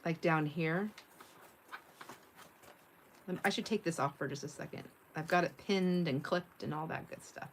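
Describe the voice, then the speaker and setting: A woman's voice: deep voice, moderate pace, pauses often, slight background noise. A middle-aged woman hosting a casual craft livestream, chatting, laughing often and reading viewer comments aloud while she works. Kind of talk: casual live-stream chat while crafting.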